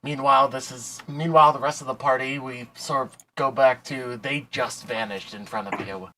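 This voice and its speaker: A man running a tabletop role-playing game, narrating scenes with casual, quick asides. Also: medium pitch, steady tone, bright, forceful tone, a little hiss or hum, rough recording. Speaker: game master.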